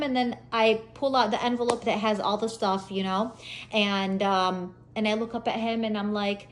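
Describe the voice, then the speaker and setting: A woman in her forties telling a personal story casually, animated, acting out quotes in sudden loud high bursts.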